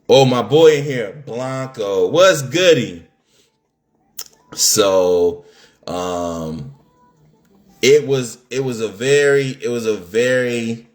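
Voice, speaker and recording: A man hosting a podcast, telling a story in a casual, animated, slangy way and laughing often. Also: fairly low pitch. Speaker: podcast host.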